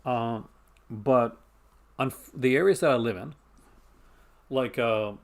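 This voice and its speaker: A man's voice: mid-range voice, slow, vocal fry. A man from Newfoundland with a Canadian accent, chatting casually on a live stream in a rambling way, often cutting himself off and chuckling.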